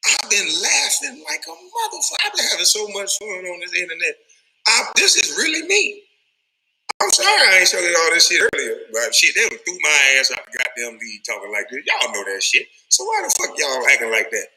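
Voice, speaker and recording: Bright-toned man on a profane rant. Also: sits high, very animated, poor audio. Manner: cussing, laughing, rapid streetwise slang. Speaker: retired athlete ranting on camera.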